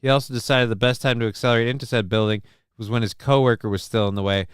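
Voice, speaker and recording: Man with a very smooth, dry voice. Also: mid-range voice, fairly even intonation, fast talker, dry recording. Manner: joking, loose and profane, with lots of ums and uhs. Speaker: livestream show host. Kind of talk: casual livestream chat, reading the chat aloud.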